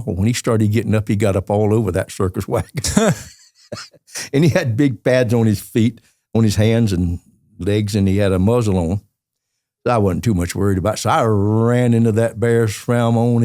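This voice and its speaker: This Southern-accented Georgian in his eighties has a lowish, dark-toned voice, captured dry in studio quality. As a podcast guest in a storytelling interview, he wanders through long, colorful anecdotes and laughs along the way.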